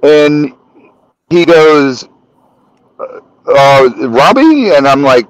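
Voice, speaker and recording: A man on a podcast telling a story in casual, animated talk, swearing often and acting out the dialogue. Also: fairly high pitch, measured pace, no echo, low-quality recording. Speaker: podcast guest.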